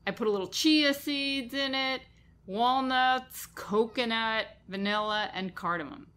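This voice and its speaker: A woman's voice: a little high, unhurried, fairly bright tone. A woman with a New York accent, hosting a radio food show in casual chat, talking about a recipe and laughing easily. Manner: chatty, laughs easily, lists ingredients. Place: radio studio.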